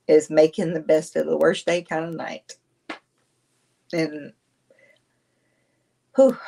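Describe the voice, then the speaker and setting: A woman's voice: low voice, creaky, warm tone. A woman, chatting casually on a livestream, rambling, answering viewers and laughing often. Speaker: livestream host.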